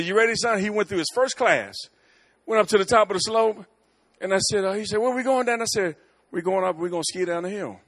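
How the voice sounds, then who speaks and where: A middle-aged man preaching a sermon in church, telling stories with lively swings between bold, loud lines and quiet asides. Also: sits high. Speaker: guest preacher. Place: church sanctuary.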